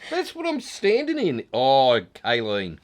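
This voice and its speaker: A man's voice: mid-range voice, huge pitch swings, unhurried. A man co-hosting a casual fluid art video, easygoing and teasing, sounding tired. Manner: easygoing, teasing, laughs often. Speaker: co-host of a fluid art channel. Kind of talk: casual chat while demonstrating.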